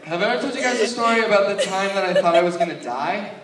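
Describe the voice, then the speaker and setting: A young man doing stand-up with a lively, swooping voice that climbs higher as the story builds. He sounds distant in an echoey hall with steady background noise. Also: very fast. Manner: animated, laughing at his own story. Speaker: stand-up comedian. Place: stage in a hall with an audience.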